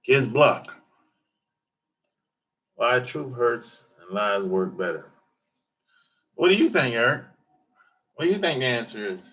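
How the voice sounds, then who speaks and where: A man hosting a laid-back livestream talks slowly and loosely, joking and answering his viewers. His voice is bright and forceful, swinging widely in pitch as he goes. He often mimics how other people talk. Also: animated. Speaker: livestream host reading chat. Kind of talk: casual livestream chat.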